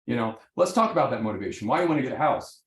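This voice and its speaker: A man teaching a live real estate seminar to an audience, animated, often checking in with "right?" and acting out sample conversations. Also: medium pitch, racing. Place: training room with audience. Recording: roomy echo.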